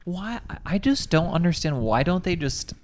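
A man's voice: a little high, very animated, normal speed. A man co-hosting a casual true-crime podcast, reacting and thinking aloud as the story unfolds. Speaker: podcast co-host.

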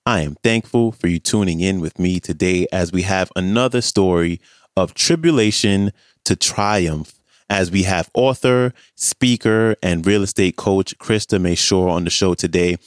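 Deep, slow-speaking male podcast host. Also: no room sound, clean studio sound. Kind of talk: scripted show intro.

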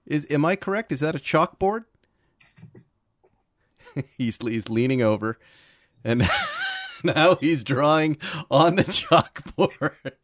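A man hosting a podcast, chatting casually and reading sponsor ads with lively energy. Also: a little high, slow, pauses often, no room sound, studio quality. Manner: chatty, animated, laughs often. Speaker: podcast host. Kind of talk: casual chat with sponsor read. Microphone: video call.

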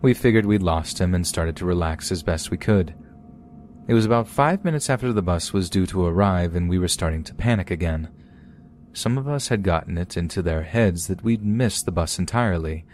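Deep-voiced man narrating horror stories. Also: a little fast, a little mellow, a little hiss or hum. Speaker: podcast host reading listener stories. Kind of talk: scripted horror story narration.

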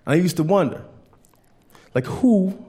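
A man's voice: high-pitched, lively intonation, unhurried, dark tone. A male stand-up comedian on stage, telling stories in a laid-back, profane way and acting out other people's voices. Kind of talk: stand-up set.

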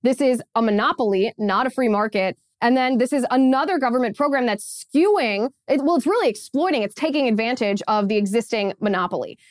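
A woman's voice: a little high, lively intonation, a little fast, few pauses, dry recording, studio quality. A woman hosting an opinion podcast, emphatic and sarcastic, often repeating her phrases. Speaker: podcast host. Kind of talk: opinion commentary.

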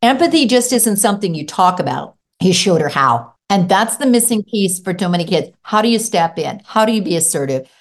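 Middle-aged woman, parenting expert guest, animated storyteller who acts out the voices she quotes. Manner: acts out quotes with big pitch jumps.

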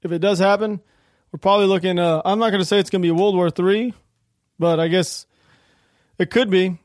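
Male podcast host, high voice, sarcastic ranting commentary, swears a lot, dead-dry mic. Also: steady tone, fairly quick, no room sound. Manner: ranting, sarcastic, swears freely, laughs at news. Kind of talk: solo political podcast commentary.

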